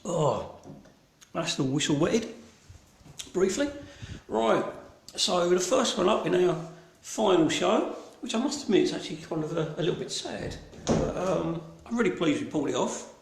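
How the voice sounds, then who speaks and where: In an echoey room, a Cockney man with a high, expressive, creaky voice runs an online gallery private view at a moderate pace. The live-streamed gallery talk is casual and rambling, peppered with ums, restarts and good-natured swearing.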